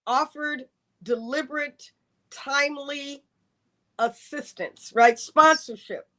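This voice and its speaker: Woman, retired military officer, podcast guest, lively storyteller, somewhat high-pitched. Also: takes it slowly. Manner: animated storyteller, acts out quoted dialogue. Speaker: guest, retired Air Force colonel.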